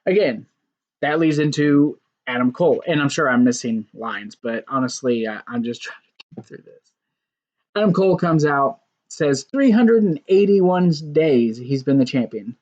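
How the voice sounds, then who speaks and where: Animated man recapping wrestling, lo-fi. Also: on the high side. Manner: animated, acts out quotes with laughs. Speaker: wrestling show reviewer. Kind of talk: casual recap commentary.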